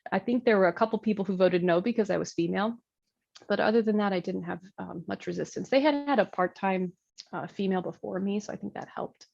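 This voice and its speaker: A woman's voice: medium pitch, fast talker, vocal fry, darkish tone, highs cut off. A woman in her thirties from Michigan, a Lutheran pastor, talking casually in an interview, chatty, with frequent laughs and many fillers.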